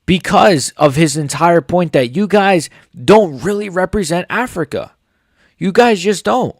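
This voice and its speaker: A man's voice: high voice, lively intonation, unhurried, dry recording, clean studio sound. A man hosting a casual MMA commentary channel, blunt and opinionated, swearing as he reacts to clips and comments. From United States.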